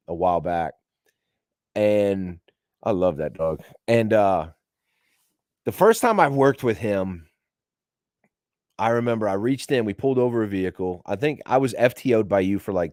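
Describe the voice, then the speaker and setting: Podcast host, male with a lowish voice, loose rambling delivery, swears freely, dry close-miked sound. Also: darkish tone, no room sound. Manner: rambling, profane, laughing as he talks. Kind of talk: casual storytelling to a live audience.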